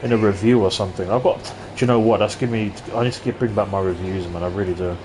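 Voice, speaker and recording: A man's voice: lowish voice, steady tone, fast talker, over music. A man from London chatting casually and ranting in asides while live-streaming a retro game at his desk mic.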